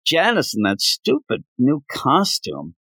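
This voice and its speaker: Animated man recapping comics. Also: mid-range voice, slow pace, breathy edge, no echo. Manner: animated, acts out comic characters' lines mid-recap. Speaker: podcast co-host. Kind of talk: casual comic book review chat.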